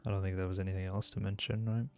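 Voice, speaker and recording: A man's voice: deep voice, rapid-fire, clear, resonant tone. A man streaming a role-play game, chatting casually and laughing often as he jokes with another player. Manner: laughs often, relaxed and joking.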